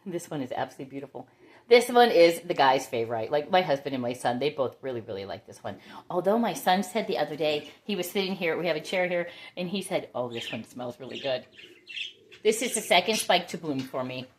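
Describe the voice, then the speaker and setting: A woman's voice: sits low, big pitch swings, fairly quick. A middle-aged woman chatting casually and enthusiastically as she shows her orchids at home. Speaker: orchid grower. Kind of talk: casual chat while touring plants. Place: home with plants.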